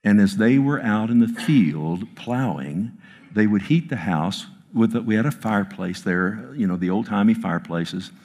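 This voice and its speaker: A man preaching voices a timid, odd adult man as he quietly recalls a painful childhood. He keeps it close to his own voice, soft and a bit slow. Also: on the low side, animated. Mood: somber. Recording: long reverb of a large hall.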